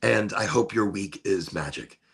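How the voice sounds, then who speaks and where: A man with a gravelly, husky voice talks in a loose, rambling way and often doubles back on his words. He hosts an easygoing smoke session as a casual chat. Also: on the low side, a little slow. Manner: rambling, relaxed, repeats words. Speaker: host of a cannabis smoke session.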